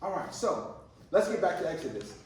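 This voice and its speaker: Young-ish pastor guy, high voice, preaching casual and slangy, echoey hall, faint noise behind. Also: very animated, a little fast. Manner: conversational, slangy, repeats words. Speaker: junior pastor. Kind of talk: sermon. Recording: echoey room from far off.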